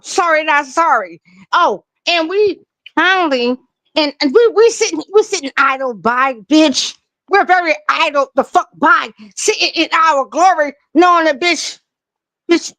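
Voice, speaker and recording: A woman's voice: high voice, animated, unhurried, fairly bright tone, dry recording, low-quality recording. A woman co-hosting a live stream who rants loosely and profanely, sounding tipsy and laughing often. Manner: fiery, ranting, repetitive, laughing often. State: tipsy from drinking.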